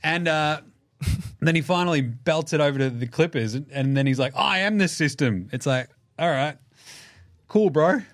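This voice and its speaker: An Australian man hosting a sports podcast, talking in loose, animated banter, swearing freely and acting out players in silly voices. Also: a little high, normal speed, dry recording, clean studio sound. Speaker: podcast host.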